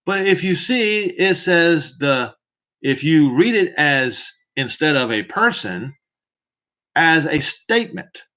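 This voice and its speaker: A man's voice: on the high side, big pitch swings, slow, bright, forceful tone. A man teaching scripture in a preaching manner, emphatic and fond of rhetorical questions to the listener. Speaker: Bible teacher. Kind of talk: preaching Bible commentary.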